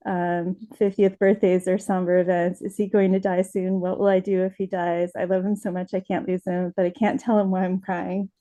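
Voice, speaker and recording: A woman's voice: fairly low pitch, level tone, moderate pace, few pauses, warm tone. A woman on a video call telling a personal family story earnestly, acting out the quoted lines. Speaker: workshop participant.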